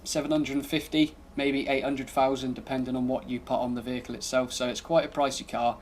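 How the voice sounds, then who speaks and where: A gaming channel host offers laid-back, casual commentary over gameplay, thinking aloud as he drives and tests a car. His mid-range voice is steady and fairly quick, with slight background noise.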